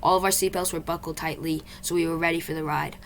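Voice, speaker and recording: Woman reading a storybook, lowish gravelly voice. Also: fairly even intonation, fast talker, slight background noise. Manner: plain reading with restarts. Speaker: author reading own book. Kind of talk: first-person storybook narration.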